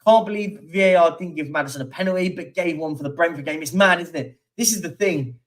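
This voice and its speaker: A man's voice: a little high, fast, distant mic. A man hosting a casual live stream, rambling through football stats and viewer comments with lots of fillers. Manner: rambling, chatty, reads out stats with many fillers. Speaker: livestream host.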